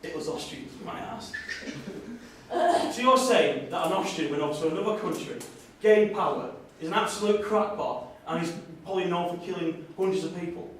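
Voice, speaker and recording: A comedy performer on a hall stage plays a brash, bigoted nationalist party leader, crudely swearing and bossing audience volunteers around in live character comedy. His voice is high and a bit bright at a moderate pace, picked up from far off in an echoey hall with a little hiss or hum.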